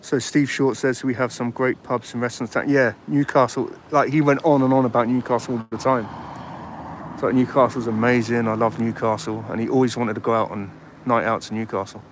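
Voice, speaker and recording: A man's voice: mid-range voice, steady tone, a little fast. A man hosting a casual livestream outdoors, rambling and chatting as he reads out viewer comments. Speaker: livestream host. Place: outdoors by a street. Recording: faint street noise behind.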